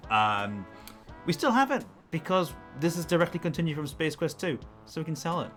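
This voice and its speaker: A man's voice: fairly high pitch, very animated, moderate pace, fairly bright tone, soft background music. A man giving casual, rambling commentary while playing through an old game. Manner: chatty, rambling asides with fillers. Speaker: let's play host.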